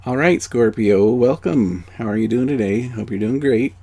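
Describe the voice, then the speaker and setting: A man gives a gentle, conversational spiritual lesson outdoors, often saying "you know". His voice is gravelly and husky, with a mellow, dark tone. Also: medium pitch, moderate pace. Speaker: spiritual course teacher. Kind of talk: casual spiritual teaching.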